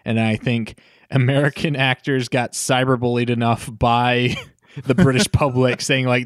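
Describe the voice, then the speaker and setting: A man's voice: mid-range voice, steady tone, a little slow, smooth, no echo, studio quality. A young man co-hosting a casual movie-review podcast, rambling and swearing with many "like" fillers. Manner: rambling, profane, filler-heavy, lots of "like". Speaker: podcast co-host.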